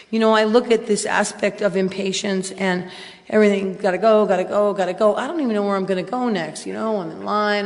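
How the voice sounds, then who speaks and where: A middle-aged woman speaking at a recovery convention, blunt and self-mocking, swinging between quiet and loud. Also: mid-range voice. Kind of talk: personal share at a convention. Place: large hotel ballroom. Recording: hall reverb from a convention room.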